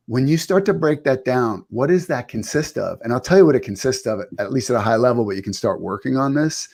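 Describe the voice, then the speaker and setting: A middle-aged man, a guest author, explaining ideas in a thoughtful, wry, measured way. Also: mid-range voice, a little mellow. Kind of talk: reflective interview talk.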